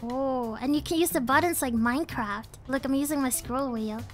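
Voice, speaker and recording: A woman's voice: sits high, moderate pace, faint music behind. A young woman streaming a game live, giggly and playful, with lots of slang, laughing often at what happens on screen.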